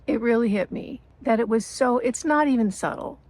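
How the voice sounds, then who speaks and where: A woman's voice: a little high, normal speed, darkish tone, rough recording. A woman in her sixties talking to her viewers in a reflective, earnest monologue, telling personal stories with emotion and frequent laughter. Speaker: lifestyle vlogger.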